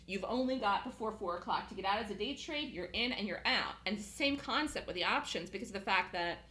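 A woman hosting a live trading room, talking fast and emphatically, repeating her points and laughing easily. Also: mid-range voice, animated, pushed and bright, roomy sound, slight background noise, rough recording.

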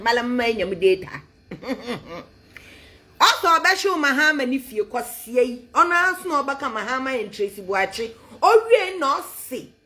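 Animated, high-pitched woman mocking a politician. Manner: taunting, sing-song mockery with laughs; mixes English with a local language. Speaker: political commentator.

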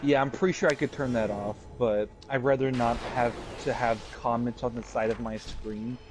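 A man's voice: medium pitch, steady tone, normal speed, background noise. A man in casual gaming chat, jokey and chatty with his friends. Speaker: gamer.

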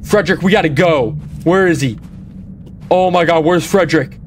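A young man playing a horror game and reacting out loud, swearing a lot and breaking into panicky yells. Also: fairly high pitch, normal speed, slight background noise. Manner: upbeat sign-off asking for support. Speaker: gaming YouTuber. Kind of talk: horror game let's play commentary.

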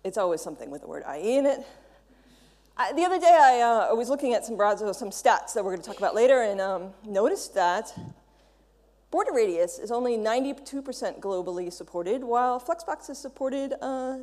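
A woman giving a conference talk, playful and animated, with a long echo from a large hall. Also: on the high side, brisk. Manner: animated, playful, quotes others in mock voices. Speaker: conference speaker.

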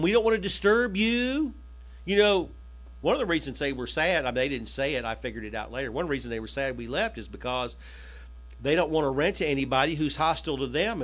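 A man preaching to his congregation with a high, bright voice. He talks in a chatty way, climbing to loud, emphatic points and then dropping low for side remarks. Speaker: pastor. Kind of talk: sermon. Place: church hall.

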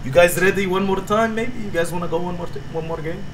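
A man voicing a polite middle-aged Arab uncle, speaking halting broken English with a put-on Egyptian accent. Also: high-pitched, background noise, natural voice. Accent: put-on Egyptian Arabic. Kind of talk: voice trolling in game voice chat.

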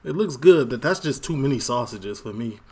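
A young man from Chicago reacting to memes in casual commentary, excitable, jumping into high exclamations. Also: a little fast, slightly rough. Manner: excitable, jumps into high squeaky exclamations and laughs. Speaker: reaction video host.

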